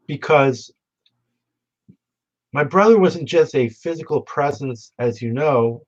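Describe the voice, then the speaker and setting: Halting man telling a memorial story. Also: mid-range voice, highs cut off. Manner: halting, reflective, frequent restarts. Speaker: memorial speaker. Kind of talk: storytelling remembrance. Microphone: remote broadcast.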